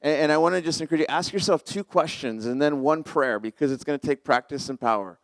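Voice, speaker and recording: A man's voice: a little high, quick pace, dry recording. A man in his forties preaching a conversational, self-deprecating sermon as pastor, often laughing at himself.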